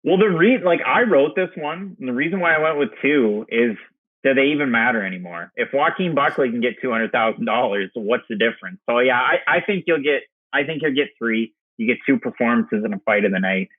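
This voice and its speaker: Guy co-hosting, husky voice, sounds like a dry tinny phone line, rambles a lot. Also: mid-range voice, expressive, a little fast, no echo. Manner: rambling, restarts often. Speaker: podcast co-host. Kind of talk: casual sports chat.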